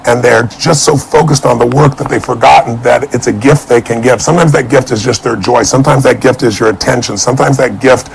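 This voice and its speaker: Gravelly-voiced man telling a motivational story. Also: mid-range voice, fairly quick, hardly any pauses, a little hiss or hum, rough recording. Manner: animated storyteller acting out dialogue. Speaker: motivational speaker.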